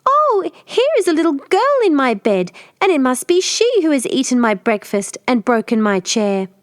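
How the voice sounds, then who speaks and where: A tiny storybook baby bear with a thin, squeaky, very high voice that sounds close to tears, as a woman puts him on. Every word is pitched well above a normal speaking voice. The recording is dry and close. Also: very animated, normal speed, no echo. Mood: indignant. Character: small squeaky baby bear, tearful and upset.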